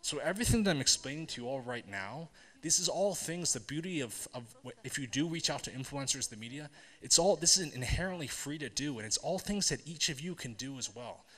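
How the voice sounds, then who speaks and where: A man with a mid-range voice tells stories from the stage of a tech event. He talks to the audience conversationally, asks them questions and checks in with a quick "right?". The sound carries a long hall reverb. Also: mid-range voice, expressive, a bit bright. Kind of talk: storytelling conference talk.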